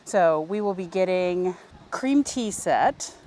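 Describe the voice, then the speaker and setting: A woman's voice: on the low side, animated, slow pace, a little mellow, a little hiss or hum. A woman from the American South hosting a casual food vlog, chatty and goofy, laughing easily. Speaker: vlog host. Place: outdoor tea house seating.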